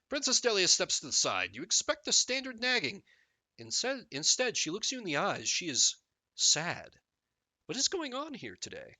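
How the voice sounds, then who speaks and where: Man, game streamer, jokey, reads text aloud, very bright voice, dry close sound. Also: high-pitched, very animated, moderate pace, no echo. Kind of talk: live game commentary and reading aloud.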